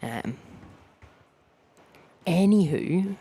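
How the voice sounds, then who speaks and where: A man, hosting a casual plane-spotting live stream outdoors, easygoing and halting, often repeating words. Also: high-pitched, expressive, warm tone, breathy edge. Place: outdoors at an airport.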